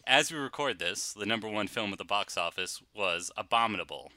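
A man's voice: lowish voice, expressive, a little fast, bright, forceful tone, no echo. Sarcastic man co-hosting a podcast. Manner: dry, teasing sarcasm. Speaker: podcast co-host. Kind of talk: casual chat.

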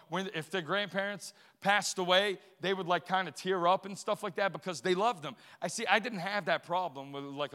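Male preacher from Portugal, bright storytelling voice, testimony sermon with long hall reverb. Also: high-pitched. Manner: storytelling, rising to emphatic preaching.

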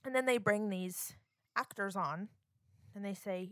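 A woman's voice: medium pitch, moderate pace, a bit bright, no echo, studio quality. A woman from Florida co-hosting a casual podcast chat, talking freely with lots of "like" fillers. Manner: chatty, filler-heavy, lots of "like". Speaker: podcast co-host.

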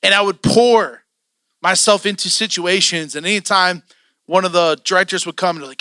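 A man preaching with fervent, story-driven passion, his voice somewhat high and strikingly bright. The sound is close and dry, with no room around it. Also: a little fast, no echo. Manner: passionate, storytelling, often acting out his own excitement. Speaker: church elder preaching. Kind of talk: sermon.

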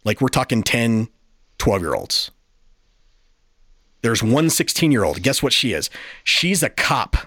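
A man's voice: mid-range voice, sing-song, unhurried, pauses often, fairly bright tone, dry recording, clean studio sound. A man hosting a podcast, giving a casual, exasperated and profane review rant. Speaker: podcast host.

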